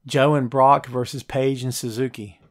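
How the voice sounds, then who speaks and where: Chatty male wrestling show host. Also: flat delivery. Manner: chatty, jokey, addresses live viewers directly; puts on quick high voices when quoting wrestlers. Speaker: podcast host. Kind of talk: casual wrestling talk show.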